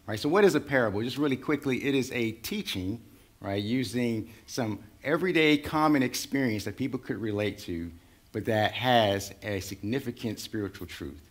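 A man's voice: mid-range voice, normal speed. A man preaching a sermon in a conversational way, building to rising intensity. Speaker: pastor.

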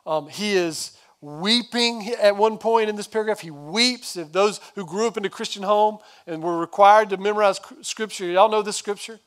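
A male pastor giving a sermon, retelling the story in a casual, conversational way with quick asides. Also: sits high, a bit bright, clean tone.

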